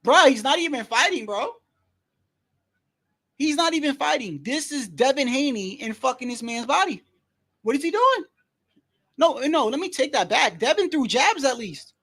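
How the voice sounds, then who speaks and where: A man's voice: extremely high pitch, very animated, normal speed, long pauses, pushed and bright, no room sound. A man streaming live play-by-play of a boxing match, casual and blunt, saying "bro" all the time. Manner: slangy, says "bro" constantly, blunt and opinionated. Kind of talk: casual live fight commentary.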